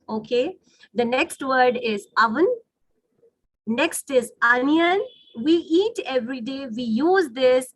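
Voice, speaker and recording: A woman's voice: high-pitched, bright, forceful tone, dry recording, rough recording. A woman teaching phonetics in an online webinar, patiently correcting pronunciation and often checking that the class follows. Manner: patient, corrects words slowly with repeated checks. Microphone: video call.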